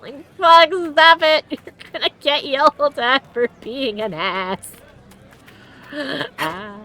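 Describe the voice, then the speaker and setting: With a high-sitting, pushed, bright voice and a slow pace, this woman speaks over slight background noise. She's a streamer in her thirties from Connecticut, USA, chatting playfully during a let's-play, often laughing and cracking silly puns.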